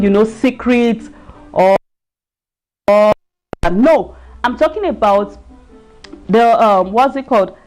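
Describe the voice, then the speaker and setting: Earnest woman on a livestream, fairly high pitch, repeats points, gropes for words. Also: darkish tone. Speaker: marriage enrichment speaker. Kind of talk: livestream talk.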